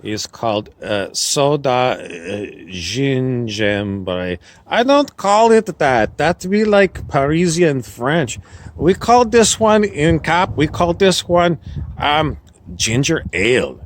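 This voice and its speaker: A quiet, low-voiced small-town drinker, as a man puts him on, mumbling through a mock local report for a comedy sketch. He talks slowly and haltingly, stuffing in fillers. His voice sits lower and softer than a plain chatty tone. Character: quiet laid-back man from a snowy northern town.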